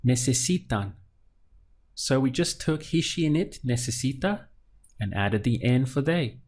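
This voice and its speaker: A man teaching a Spanish lesson. He asks the listener a question, pauses, then gives the answer. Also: medium pitch, lively intonation, darkish tone. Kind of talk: slow, patient language lesson with drills.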